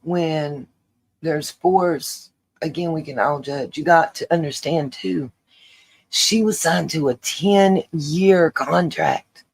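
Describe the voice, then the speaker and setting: Slow and husky, with a deep voice, a woman hosts her own channel and shares opinion commentary straight to her audience. She's emphatic throughout, restating her points for weight.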